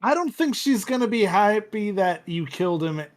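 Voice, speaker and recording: A man's voice: sits high, expressive, normal speed, over a noisy crowd. Skeptical man at a tabletop game. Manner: skeptical, questioning. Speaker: player. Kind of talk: in-character tabletop play.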